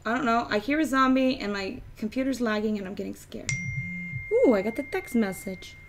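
A woman's voice: on the high side, expressive, a little fast, noisy background. A woman giving chatty video game commentary and coaxing her in-game pet as she plays. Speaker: let's play host.

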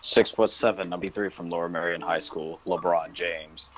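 A man puts on a deep, formal stadium announcer voice, slow and stately. There is noticeable hiss behind it. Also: steady tone, fairly bright tone, rough recording.

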